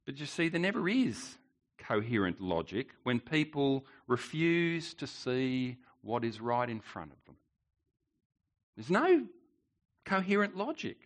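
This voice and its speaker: A male pastor preaching a sermon, emphatic, with rhetorical questions and repeated words. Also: high-pitched.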